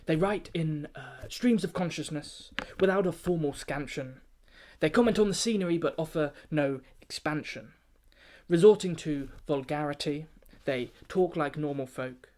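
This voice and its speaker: A man's voice: on the high side, normal speed, a little mellow, natural voice. A man playing a pompous, snobbish male poetry gatekeeper, reciting comic rhyming verse like an official briefing. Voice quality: pompous, grandiloquent, rhythmic recitation. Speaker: comic poet. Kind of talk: comic rhyming spoken-word satire.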